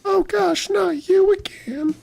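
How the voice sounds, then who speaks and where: A player squeaking out a snippy kangaroo cop lady. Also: slow, vocal fry, darkish tone, full character voice. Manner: shrill, exaggerated high put-on voice. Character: brusque female kangaroo police officer. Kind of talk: comic voicing of game dialogue.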